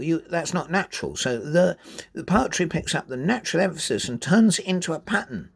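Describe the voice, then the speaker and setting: A man teaching how to work out the metre of a poem, reading lines slowly with marked stress and explaining with emphatic restarts. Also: fairly high pitch, very animated, gravelly, husky. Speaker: poetry teacher. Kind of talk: explanatory lesson.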